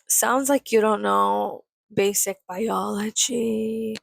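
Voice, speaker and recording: A woman's voice: mid-range voice, fairly even intonation, measured pace, vocal fry, no echo. A tired young woman ranting casually about family, blunt, profane and sarcastic, sometimes muttering asides under her breath. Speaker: vlogger. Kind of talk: casual storytime rant.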